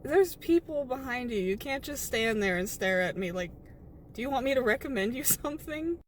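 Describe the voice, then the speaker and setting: A woman's voice: a little high, animated, slight background noise, close to an everyday voice. A woman playing a frazzled young sandwich shop worker in a comedy skit, exasperated and incredulous. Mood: impatient. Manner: exasperated, incredulous, talks fast when upset.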